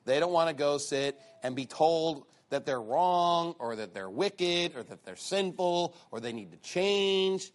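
A man preaching a sermon with a high, lively voice that leaps up and down. He mocks the people he talks about in sarcastic put-on quotes and swings from near-shouting to low muttering. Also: unhurried, hardly any pauses. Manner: animated, swings between loud and low.

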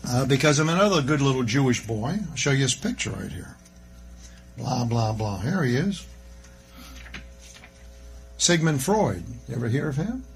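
A man's voice: medium pitch, big pitch swings, moderate pace, pauses often. An older man preaching a sermon in a folksy, rambling way, full of jokey asides.

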